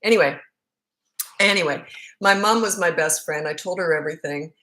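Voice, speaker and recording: A middle-aged woman coaching parents in a relaxed question-and-answer session. Her voice sits a little low, and she speaks bluntly and frankly, often repeating a word to drive her point home. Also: moderate pace. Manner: blunt, frank and emphatic, repeats words for stress. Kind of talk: casual Q&A answering viewer questions.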